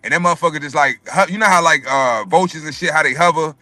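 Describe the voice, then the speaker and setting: Fast, bright-voiced man telling a story. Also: on the high side, no echo. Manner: animated, profane, repeats words often. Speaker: podcast co-host telling a story. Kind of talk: casual storytelling chat.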